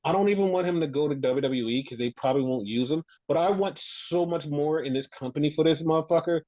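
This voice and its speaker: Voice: medium pitch, fast talker, mellow. A podcast co-host ranting in exasperation through a casual wrestling recap, swearing often. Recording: dull lo-fi sound.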